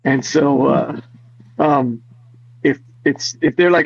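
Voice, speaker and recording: A man's voice: fairly high pitch, steady tone, moderate pace, gravelly. A man being interviewed as a guest, telling restless, rambling stories in casual chat with lots of fillers. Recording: dull, lo-fi, dry sound.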